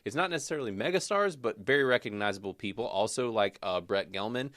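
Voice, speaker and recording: A man's voice: fairly low pitch, fast, fairly bright tone, no room sound, clean studio sound. A man co-hosting a podcast, chatting casually and enthusiastically about movies, rambling with fillers. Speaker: podcast co-host. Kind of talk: casual movie review chat.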